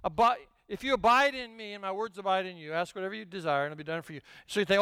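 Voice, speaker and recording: An older man delivers a sermon in a high, bright voice that rings with energy. He tells stories with humor and swings from hushed asides to shouted peaks, with a smooth, resonant tone in a dry, close sound. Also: quick pace, few pauses, no echo. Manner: storytelling with humor. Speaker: pastor.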